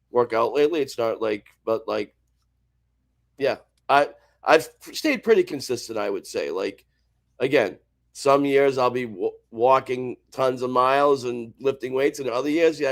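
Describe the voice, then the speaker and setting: A man's voice: medium pitch, vocal fry. A man guest on a panel chat, rambling and filling his talk with "like" and restarts. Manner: rambling, says like constantly, restarts a lot. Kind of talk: casual chat.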